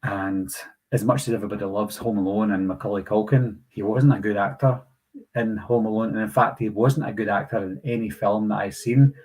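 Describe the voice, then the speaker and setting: British male streamer in his 30s, slightly low husky voice, loose conversational delivery. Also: steady tone, fairly quick, a little mellow, low-quality recording. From United Kingdom. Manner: chatty, reads viewer comments aloud and answers them. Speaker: host of a live Q&A stream. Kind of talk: casual live-stream chat reading comments.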